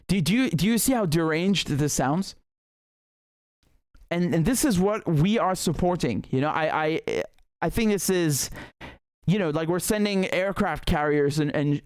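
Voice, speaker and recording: A man's voice: on the high side, no echo. A man giving impassioned, indignant political commentary, sarcastic at times and repeating phrases for emphasis.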